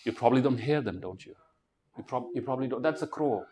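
A man giving a motivational talk to students, animated and constantly quizzing the crowd. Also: mid-range voice, quick pace. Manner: animated, keeps quizzing the audience and leading call-and-response. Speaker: motivational speaker.

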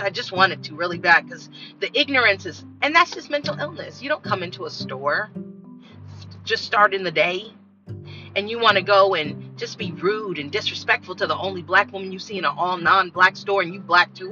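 A woman hosts a podcast in a blunt, profane monologue full of animated storytelling. Her voice is sharp and very bright. The recording is dull and lo-fi, with faint music underneath. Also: medium pitch. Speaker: podcast host.

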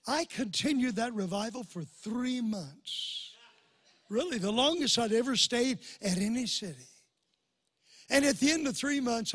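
Older man, pastor, fervent sermon voice, high and husky, preaching in a big church. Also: no room sound. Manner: impassioned preaching, building to loud climaxes. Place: large church before a crowd.

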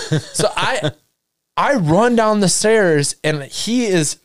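A man telling a story in casual chat, animated, laughing often and acting out quotes. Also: sits high, takes it slowly, no echo, clean studio sound. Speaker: podcast guest storyteller.

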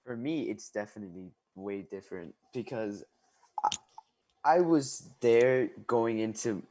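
A man's voice: lowish voice, a little slow, warm tone. A teenage boy on student radio looks back thoughtfully, hesitating at times. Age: teens. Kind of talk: reflective casual chat on radio.

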